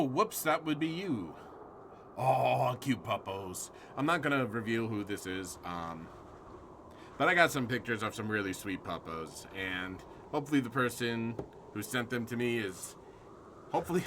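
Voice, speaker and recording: A man's voice: mid-range voice, expressive, normal speed, background noise. A man streaming a horror game live, jumpy and swearing at scares while chatting with his viewers.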